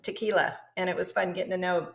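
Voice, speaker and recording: A woman's voice: fairly low pitch, little pitch movement, fast, vocal fry, reverberant. A woman appearing as a farmer guest on a live cooking show, friendly and easygoing.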